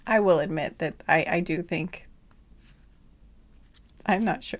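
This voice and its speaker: A woman's voice: mid-range voice, measured pace, pauses often. Brief: woman tarot reader, casual rambling chat, sassy asides, frequent laughs, occasional whispers. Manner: drops to whispers at times. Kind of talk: casual chatty monologue.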